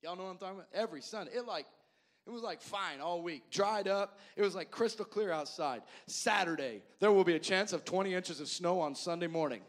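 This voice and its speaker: A male pastor telling folksy stories in a sermon, addressing the congregation directly and repeating words as he goes from loud to soft. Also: sits high, fairly quick. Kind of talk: sermon storytelling.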